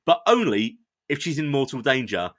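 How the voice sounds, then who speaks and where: An enthusiastic male podcast host with a bright voice, talking through a show he enjoyed in easy, chatty review mode. He is playful and quick to poke fun at himself. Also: medium pitch, very animated. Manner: enthusiastic, chatty, self-deprecating. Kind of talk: casual review chat.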